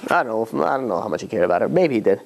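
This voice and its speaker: A man teaching a class, telling the story informally, with many restarts and "you know"s, and growing animated at the lively moments. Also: on the low side, rapid-fire, vocal fry, crowd noise. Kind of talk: informal storytelling lesson to students.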